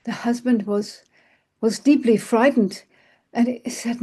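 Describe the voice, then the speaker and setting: A woman tells a classic fairy tale aloud, taking her time with each phrase. Her voice sits a little high, and she drops into hushed tones and soft sighs for effect. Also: breathy edge. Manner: slow, expressive, with soft sighs and hushed passages. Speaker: storyteller. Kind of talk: oral fairy-tale storytelling.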